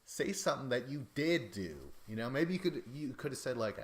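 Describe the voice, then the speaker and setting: A man hosting a podcast, rambling casually about reality show contestants with lots of swearing and excitable asides. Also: medium pitch, normal speed, hardly any pauses. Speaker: podcast host.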